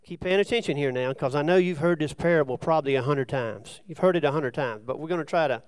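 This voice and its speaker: A man's voice: on the high side, fast, smooth. A man preaching, who reads scripture aloud and then explains it in plain, conversational asides. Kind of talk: sermon with scripture reading.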